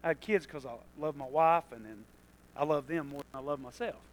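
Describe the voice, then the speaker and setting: A man preaching a sermon, moving between quiet asides and loud passages and laughing at his own jokes. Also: on the high side, brisk, rough recording. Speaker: pastor.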